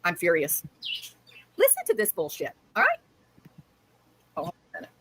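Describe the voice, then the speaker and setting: A woman's voice: fairly low pitch, wildly swooping pitch, moderate pace, sharp tone, slightly rough, no room sound, poor audio. A woman live streaming, ranting angrily and sarcastically at someone she criticizes. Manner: scolding, sarcastic. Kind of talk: angry ranting commentary.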